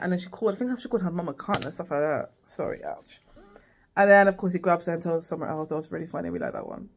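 This TV series reviewer has a voice on the low side with a bit of brightness. In a casual vlog recap she rambles, filling her speech with fillers and restarts, and acts out the characters' lines.

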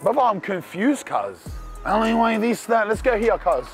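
A young man with a Sydney accent reviewing burgers in a casual vlog, talking in loud slangy banter. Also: normal speed, faint music behind. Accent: Australian, Sydney. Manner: loud slangy banter, animated swings in pitch. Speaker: food reviewer and vlogger. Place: outdoors and in burger shops around the city.

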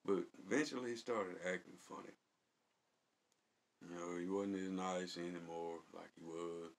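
A man's voice: deep voice, steady tone, moderate pace. A man telling rambling, colloquial stories in a casual vlog, chuckling often. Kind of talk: casual storytelling.

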